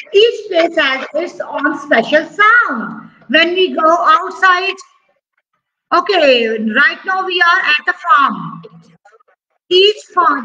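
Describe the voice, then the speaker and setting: Woman teacher, very high voice, slow and careful, steady background noise, online class for kids. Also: lo-fi sound. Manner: questioning, praising, imitating animal and vehicle sounds. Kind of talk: online class for young children.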